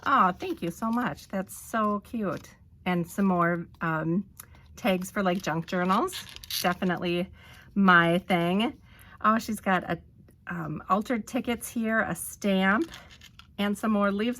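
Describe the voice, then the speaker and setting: A woman vlogger narrating an unboxing, gushing with delight and often pausing with ums. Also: medium pitch, fairly bright tone. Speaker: crafting vlogger.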